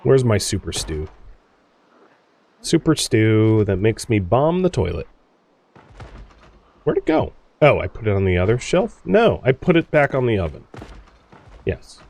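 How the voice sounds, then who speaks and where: A man's voice: lowish voice, sing-song, measured pace, pauses often, darkish tone. A man hosting a let's play, chatting casually through gameplay, exclaiming and grumbling at the game.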